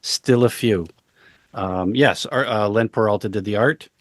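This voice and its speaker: A man as an interview guest, talking casually in a halting way with many fillers and deadpan jokes. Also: fairly low pitch, no room sound, clean studio sound. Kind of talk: casual conversation.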